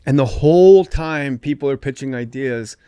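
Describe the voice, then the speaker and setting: A man's voice: medium pitch, moderate pace, clean tone, no echo. Storytelling male podcast host, dry close sound. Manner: storytelling, animated, crude humor. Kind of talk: casual chat.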